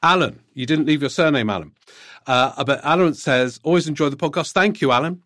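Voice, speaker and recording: A man's voice: fairly high pitch, fairly quick, a bit bright, dry recording, clean studio sound. A man hosting a podcast, reading out listener emails and then commenting on them in a conversational way, with frequent "uh"s. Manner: reads letters aloud, then comments with frequent fillers.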